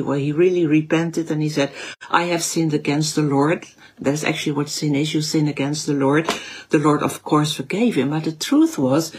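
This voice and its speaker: Husky woman giving a casual Bible talk. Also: deep voice, a little mellow. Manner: conversational, many restarts and fillers. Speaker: Bible teacher. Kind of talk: informal Bible teaching.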